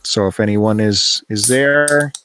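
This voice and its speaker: A man's voice: fairly low pitch, slow, a bit bright, slight background noise. A man co-hosting a podcast over a call, chatting casually in a joking, sarcastic way. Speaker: podcast co-host.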